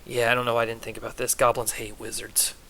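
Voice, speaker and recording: Man voicing a cautious wizard NPC, mutters fast and low, sharp tone. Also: flat delivery, vocal fry. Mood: wary. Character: wary male wizard companion.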